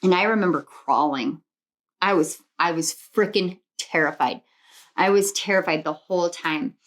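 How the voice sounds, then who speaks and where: A woman's voice: on the low side, moderate pace. A woman giving a spiritual pick-a-card tarot reading. She speaks earnestly and reassuringly, stacks affirmations in rhythmic lists and drifts into personal tangents. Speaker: tarot reader.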